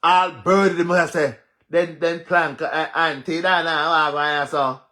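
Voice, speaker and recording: A man with a Jamaican accent ranting on a live stream, mocking and cursing with loud laughs. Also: a little high, steady tone, unhurried. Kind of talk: casual live-stream rant.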